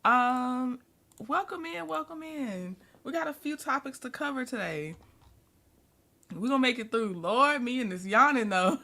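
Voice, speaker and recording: A woman's voice: high-pitched, sharp tone. A woman hosting a casual livestream, chatty and laughing often, sleepy and yawning as she greets her viewers by name. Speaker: livestream host.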